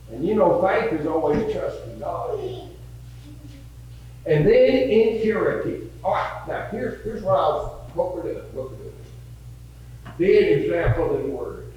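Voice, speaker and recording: A man's voice: sits high, a little mellow, slight background noise. A man teaching a Bible lesson to children, asking them questions and acting out scripture scenes. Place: church hall. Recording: echoey room with faint ambience.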